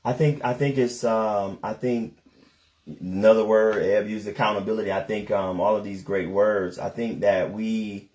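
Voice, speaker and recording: A man, a couples and personal development coach, talking casually and earnestly on a podcast. He reflects out loud and asks himself questions as he goes. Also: fairly low pitch, fairly even intonation, normal speed.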